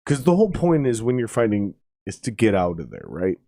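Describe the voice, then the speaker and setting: A man's voice: fairly low pitch, huge pitch swings, brisk, warm tone. A man, a podcast guest, chatting casually and telling a crude story with playful repetition. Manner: playful, repeats phrases for comic effect. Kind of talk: casual chat.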